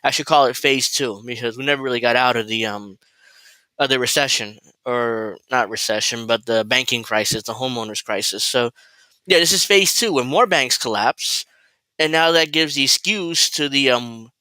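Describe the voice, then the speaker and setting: A man hosts a loose political commentary livestream, wandering off on tangents and mocking what he reads with easy profanity. His voice is bright and forceful. The sound is close and dry, with no room around it. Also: medium pitch, normal speed, no echo. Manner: rambling, sardonic, swears freely. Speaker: host. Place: at home, cooking while streaming.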